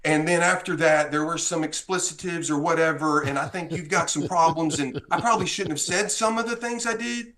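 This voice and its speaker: A man's voice: a little high, a little fast, hardly any pauses, a crowd in the background. A man from Texas, a guest on a podcast, telling a story with feeling and acting out what was said. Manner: animated, acts out dialogue in the story. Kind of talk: casual storytelling.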